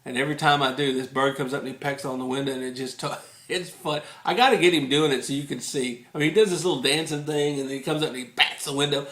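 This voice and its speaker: A man's voice: mid-range voice, steady tone, quick pace, a bit bright. A man from Tennessee with a Southern US accent, giving a casual, rambling, good-humored ukulele book review from a room indoors. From Tennessee, United States. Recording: roomy echo in a room.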